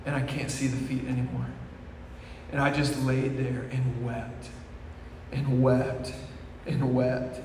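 A young man preaching a testimony sermon, telling his story, swinging from hushed to shouting. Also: medium pitch, level tone, takes it slowly, pauses often. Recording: echoey hall from far off with faint noise.

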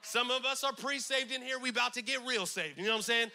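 A high-pitched man preaches with a very bright, ringing voice. He is from California and keeps it casual, dropping asides and repeating lines for emphasis. When he reads scripture he slows right down and stresses every phrase. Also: gravelly. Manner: conversational asides like "you know what I'm saying". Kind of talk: sermon.

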